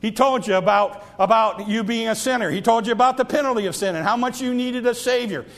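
A man preaching a sermon, repeating and stretching key phrases, sometimes sinking to a hush and sometimes rising to a cry. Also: very high-pitched, creaky. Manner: drawn-out emphatic phrases, dropping to near whispers; repeats phrases and stumbles on restarts.

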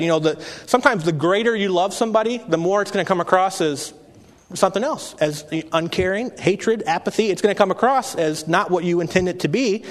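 A man in his thirties, a pastor giving an earnest, conversational sermon with frequent restarts. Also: high-pitched. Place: church sanctuary. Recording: long reverb of a hall.

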